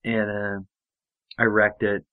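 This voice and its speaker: A man's voice: lowish voice, monotone, takes it slowly, phone-quality sound. A man telling rambling, profane anecdotes in casual chat, with lots of fillers and swearing. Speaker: podcast storyteller.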